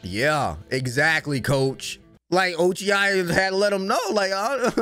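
A young man hosting an anime reaction, casual and slangy, swinging from low grumbling to loud cheering as he talks to the screen. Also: measured pace, dry recording, studio quality, faint music behind. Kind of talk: excited reaction commentary.

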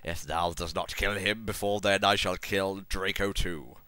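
Man voicing a slow menacing dark lord. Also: low voice, animated, dry recording, full character voice. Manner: slow, menacing, mock-archaic speech. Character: wrathful evil male dark lord. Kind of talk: comedic dramatic reading.

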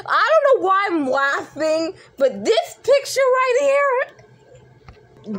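A flustered little female toy cat, played by a woman, whiny and squealing as she protests. The voice sits high and swoops wildly up and down, with slow, drawn-out words. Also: full character voice. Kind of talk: toy play-acting video.

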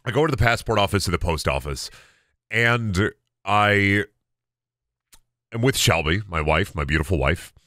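A man's voice: low voice, lively intonation, normal speed, long pauses, pushed and bright, no echo, studio quality. A man in his thirties chatting casually on a gaming stream, telling rambling stories full of stammers, restarts and bursts of laughter. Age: 30s.

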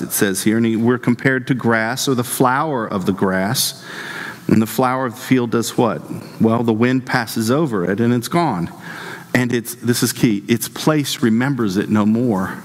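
A man preaching a sermon as pastor, reading scripture aloud and pressing his points with rising, impassioned emphasis. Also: fairly low pitch. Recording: long reverb of a church hall.

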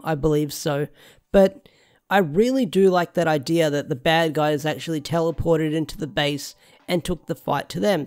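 A man's voice: high-pitched, darkish tone. A young man chatting casually through a show review, rambling, restarting sentences and thinking aloud as he goes. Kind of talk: casual solo review talk.

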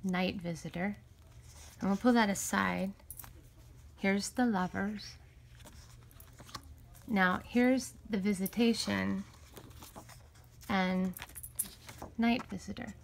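A woman's voice: mid-range voice, fairly even intonation, slow pace, gravelly, long pauses, slight background noise. A woman chatting enthusiastically as she shows and talks through a series of art prints, often trailing off and restarting. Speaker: tarot vlogger. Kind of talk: casual show-and-tell.

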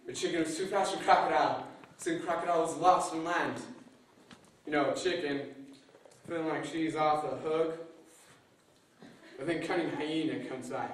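A man telling a folk tale live to an audience in a playful, animated way, adding sound effects. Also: a little high, moderate pace. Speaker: storyteller. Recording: echoey room from far off, faint noise.

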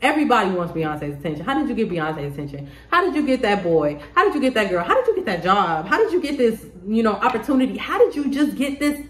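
A woman giving a casual tarot reading to the camera, excitable, laughing often and swearing freely. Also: medium pitch, fast talker, few pauses. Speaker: tarot reader. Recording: roomy echo.

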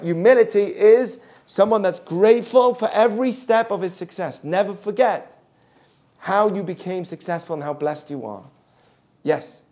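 A man teaching a Jewish ethics class, animated, acting out the voices of the people he quotes. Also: high voice.

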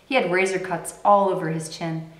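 A woman's voice: on the low side, steady tone, moderate pace, natural voice. Brief: woman reading as a young soldier, grim and worn out, somber, roomy sound. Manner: somber storytelling. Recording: roomy echo.

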